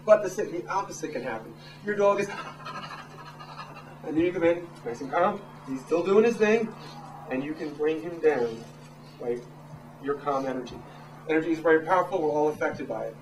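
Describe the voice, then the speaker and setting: Man, dog trainer lecturing a crowd, animated, far from the mic, echoey noisy room. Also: a little high, moderate pace. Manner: animated, acts out quotes in raised voices. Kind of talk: live seminar talk to an audience. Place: room with a live audience.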